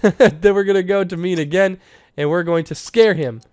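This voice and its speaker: Excitable guy narrating his game, laughs a lot, highish voice, a bit of music under it. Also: moderate pace, smooth. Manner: excitable, jokey, laughs often. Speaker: gaming YouTuber. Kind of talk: game commentary. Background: faint game music.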